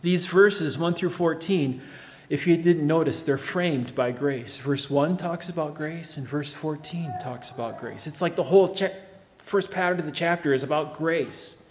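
A man preaching a sermon as pastor, emphatic, swinging from loud declarations to quiet, low phrases. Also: measured pace, long reverb tail, a little hiss or hum.

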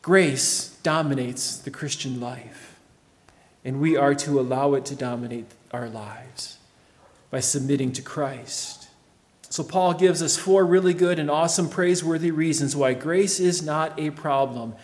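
Male pastor, slightly high voice, emphatic sermon delivery, church reverb. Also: a little slow. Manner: emphatic preaching, swells loud then drops low.

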